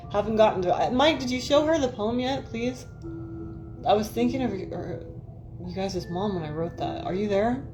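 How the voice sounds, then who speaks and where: A woman hosting a casual livestream, telling rambling stories, swearing freely and talking to her viewers by name. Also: lowish voice. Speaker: livestream host. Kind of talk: casual livestream chat and storytelling.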